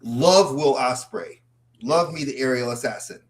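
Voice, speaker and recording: A man co-hosting a wrestling podcast in casual chat, animated and rambling through lists of names. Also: medium pitch, measured pace. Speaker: podcast co-host.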